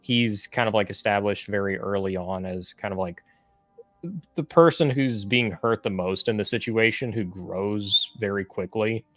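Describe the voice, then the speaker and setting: A man in casual conversation weighs up a comic series in a measured, analytical way. His voice sits fairly low and settles into a calm, thoughtful rhythm, with faint music playing behind him. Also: no echo. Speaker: co-reviewer. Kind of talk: casual review chat.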